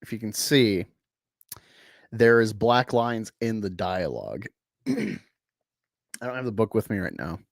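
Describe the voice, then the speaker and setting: A man casually reviewing a comic book, animated and rambling, laughing often. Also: on the low side, a little slow, vocal fry, pauses often, no echo, studio quality.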